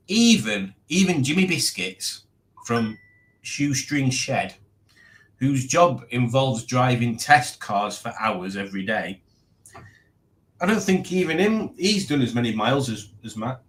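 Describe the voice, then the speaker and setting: A man's voice: medium pitch, animated, slow, fairly bright tone. A man hosting a casual livestream, rambling and reading out viewer comments. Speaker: livestream host.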